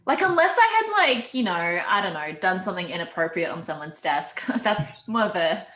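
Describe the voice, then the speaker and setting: A woman's voice: fairly low pitch, big pitch swings, moderate pace, sharp tone, echoey room. A woman guest on a call, chatting casually and laughing easily with a lot of likes and ums. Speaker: actress and filmmaker guest. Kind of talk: casual interview chat.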